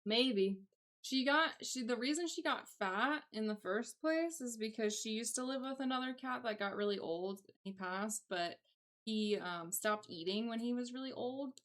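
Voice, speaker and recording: A woman's voice: a little high, moderate pace, fairly bright tone. A young woman with a Southern American twang, rambling casually to her live-stream chat from a home setup on a desk mic. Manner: rambling, chatty, reads and answers chat aloud. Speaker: livestreamer.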